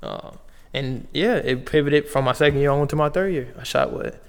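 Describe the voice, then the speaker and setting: A man's voice: a little high, normal speed, gravelly, clean tone, big-room sound. A man in his twenties from Canada, telling his story in casual slang-heavy talk on a podcast. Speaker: guest, basketball player.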